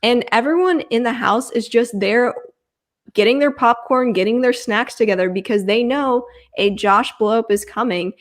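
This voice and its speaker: A woman's voice: fairly high pitch, normal speed. A woman co-hosting a reality show recap in a casual chat, giving firm opinions on the cast's choices.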